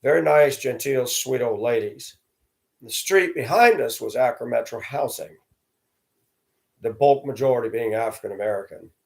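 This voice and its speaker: A middle-aged host recounts personal stories in a monologue, plainspoken and blunt. His mid-range voice carries a darkish tone with noticeable vocal fry.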